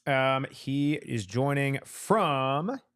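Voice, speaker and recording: A man's voice: mid-range voice, lively intonation, very slow, a bit bright, smooth, dry recording, clean studio sound. A man hosting a casual sports talk show, reading an ad with hammy enthusiasm and teasing his co-hosts. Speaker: podcast host. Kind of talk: casual sports chat with live ad read.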